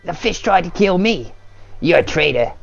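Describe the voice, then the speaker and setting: A man voicing an angry male goblin who yells accusations in a put-on accent that drifts between British and Australian. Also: on the high side, expressive, normal speed, gravelly, dull audio, soft background music, voice pushed up. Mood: indignant. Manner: shouting, yelling "oi".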